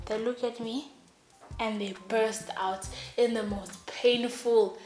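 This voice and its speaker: Animated young woman telling a story. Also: fairly high pitch, measured pace, faint music behind. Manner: animated, acts out every voice in her story. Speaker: vlogger. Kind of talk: casual comic storytelling. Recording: roomy echo.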